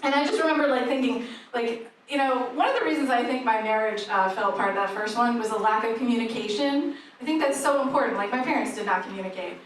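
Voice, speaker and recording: A woman comedian with a high voice tells dark jokes in a dry, deadpan way. The club sound is very echoey and distant, with audience noise behind her. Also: fast. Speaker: stand-up comedian. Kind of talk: stand-up comedy set.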